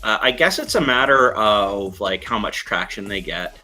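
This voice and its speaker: A man chatting as a game developer guest, with dry deadpan humor and hesitant fillers. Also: fairly low pitch, moderate pace, faint music behind. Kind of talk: casual interview chat.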